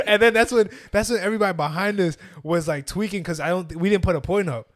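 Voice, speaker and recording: A young man recounts a game in casual slang and breaks into laughter often, his voice a bit high. The sound is dry and close, with no room around it. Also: fast, dry recording. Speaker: game scorekeeper. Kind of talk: casual storytelling chat.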